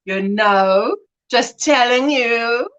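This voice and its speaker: High-pitched chatty woman host. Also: very slow, fairly bright tone, highs cut off. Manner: chatty, rambling, laughs often; greets viewers and acts out little scenes. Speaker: livestream host. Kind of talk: casual livestream chat.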